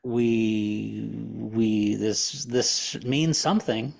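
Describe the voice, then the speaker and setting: Slow-talking man with gravelly tone. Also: lowish voice. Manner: halting, with frequent fillers and restarts. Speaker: podcast co-host. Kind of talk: casual religious discussion.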